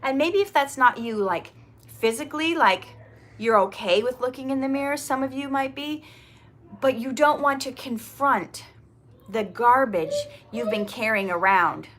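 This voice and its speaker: A middle-aged woman hosting an inspirational talk, reading her poem and turning to viewers with earnest, animated asides. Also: on the high side, measured pace, slight background noise. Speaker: inspirational video host.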